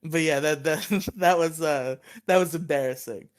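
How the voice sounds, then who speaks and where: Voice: mid-range voice, moderate pace. Young podcast co-host, under 21, rambling storyteller with loose casual delivery and frequent swearing. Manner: rambling, swears freely, laughs often.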